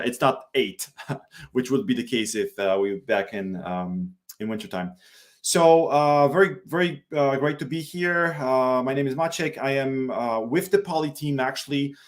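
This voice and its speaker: A man from Poland speaking as a guest in a casual webinar, halting and often repeating words, over a video call. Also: mid-range voice. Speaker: product manager guest.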